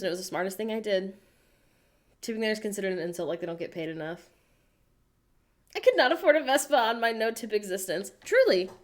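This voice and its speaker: Chatty American woman reading stream chat. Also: medium pitch. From United States. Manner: animated, reads chat messages aloud, playful self-mocking. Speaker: livestream host reading chat. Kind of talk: casual chat.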